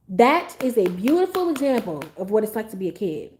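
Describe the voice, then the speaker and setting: A young adult woman hosting a podcast, talking in a casual, blunt and animated way and swearing freely. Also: a little high, a little fast. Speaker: podcast host. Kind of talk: casual opinion monologue.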